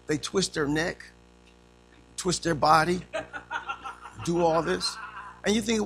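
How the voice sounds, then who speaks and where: High, gravelly preacher man in his fifties. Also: slow, a little hiss or hum. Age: 50s. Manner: animated storytelling, acting out quotes; humorous. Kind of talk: sermon.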